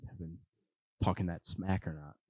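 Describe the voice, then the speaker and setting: A man's voice: low voice, steady tone, normal speed, warm tone, slightly rough, no echo. A young man co-hosting a comedy podcast, teasing his friend in casual chat. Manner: teasing, playful.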